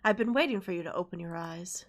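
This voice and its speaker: With a sore throat, a woman reads lines from a game's dark knight mentor, a calm, confident male character. Her voice is lowish, and her measured, wry delivery is only lightly acted.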